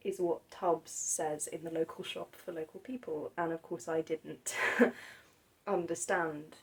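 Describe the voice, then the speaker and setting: A woman talking casually about old horror films, soft-spoken and hesitant, with many pauses and restarts. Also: deep voice, fairly even intonation, poor audio. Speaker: film vlogger.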